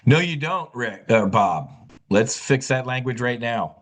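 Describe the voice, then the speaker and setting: A man hosting a live options trading webinar, animated and blunt, scolding and repeating himself as he talks through trades. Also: medium pitch, measured pace.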